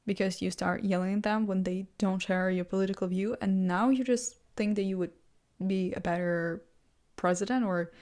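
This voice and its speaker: A woman vlogging casually as she thinks out loud, her sentences wandering and full of "like" as she restarts her thoughts. She is playful and amused by her own asides, and her voice sits at an ordinary middle pitch. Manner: rambling, heavy use of "like", frequent restarts.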